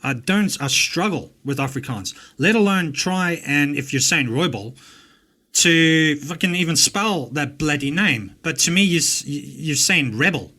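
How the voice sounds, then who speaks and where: A man with an English-speaking South African accent tears into a recording with a fairly high voice. His commentary is angry and mocking, full of profanity. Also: animated, measured pace, pushed and bright. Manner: angry, swearing, mocking rants. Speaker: host reacting to a recording.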